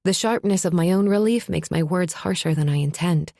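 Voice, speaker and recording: A woman's voice: fairly low pitch, fairly quick, vocal fry, warm tone, no room sound, studio quality. A woman narrating a fantasy audiobook in first person, with a wry, sardonic edge.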